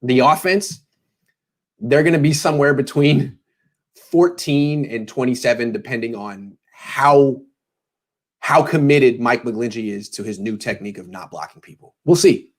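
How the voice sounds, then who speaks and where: Casting: tired, joking male sports host with a husky voice, medium pitch. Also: a little slow. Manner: joking, self-deprecating, meandering. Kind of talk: casual rambling pregame sports talk.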